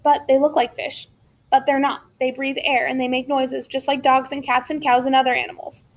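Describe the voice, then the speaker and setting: A woman voicing a secretive young girl in an audiobook, speaking in a calm, guarded, firm way. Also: high voice, fairly quick. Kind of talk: audiobook character voice.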